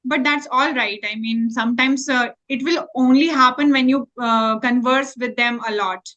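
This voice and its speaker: A woman's voice: high voice, moderate pace, a bit bright, lo-fi sound. A woman interviewing an English learner in a practice conversation, encouraging and reassuring.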